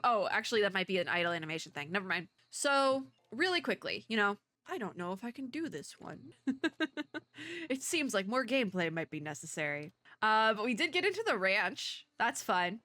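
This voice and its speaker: A woman's voice: mid-range voice, sing-song, brisk, bright, forceful tone, no room sound. A young woman chatting casually and giggling as she plays a game and comments aloud. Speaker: gaming content creator. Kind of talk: casual let's-play commentary.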